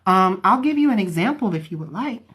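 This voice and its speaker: A woman's voice: medium pitch, animated, husky. A woman hypnotherapist chatting casually with her viewers, explaining how she works. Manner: chatty, loose, talks straight to viewers; slows down and softens her voice when demonstrating.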